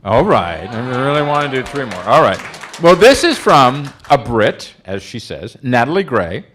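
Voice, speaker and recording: A man hosting an on-stage interview, reading out audience questions and teasing his guest in a playful, energetic way. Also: medium pitch, normal speed, slight background noise. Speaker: interview host.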